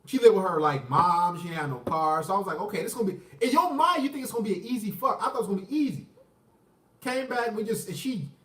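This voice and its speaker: A man's voice: high-pitched, lively intonation, quick pace, a bit bright, reverberant, far from the mic. A man casually telling a personal story, profane and boastful, rambling with many restarts.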